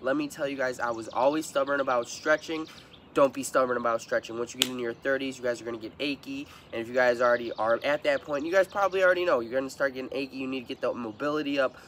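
A man in his thirties, hoarse from a cold, casually coaching a morning stretching routine with upbeat, repeated cues. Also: mid-range voice, fairly bright tone, a little hiss or hum. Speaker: fitness vlogger leading a stretch routine. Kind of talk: casual workout instruction. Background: music.

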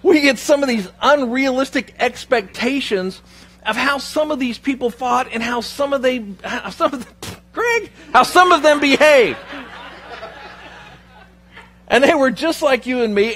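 A man's voice: very high voice, normal speed, fairly bright tone. A man preaching a sermon in church, with a humorous, self-deprecating storytelling manner. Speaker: pastor.

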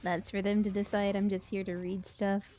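A woman's voice: mid-range voice, flat delivery, normal speed, warm tone. Dry, teasing woman reading donations. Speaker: donation reader on a stream. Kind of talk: casual live-stream commentary.

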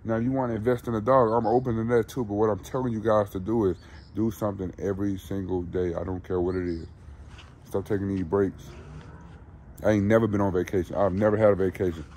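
Blunt, low-voiced man vlogging outdoors. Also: steady tone, quick pace, darkish tone, slight background noise. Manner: blunt, preachy, urges viewers repeatedly. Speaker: dog breeder and vlogger. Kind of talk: casual motivational vlog talk. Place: outdoors at a dog kennel.

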